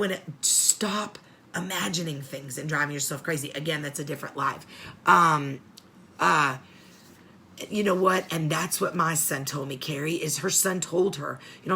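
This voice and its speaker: A woman's voice: deep voice, moderate pace, pushed and bright, slight background noise. A middle-aged woman hosting a support show, tearful and pleading as she gives heartfelt advice, repeating herself for emphasis. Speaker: host of an inmate support show.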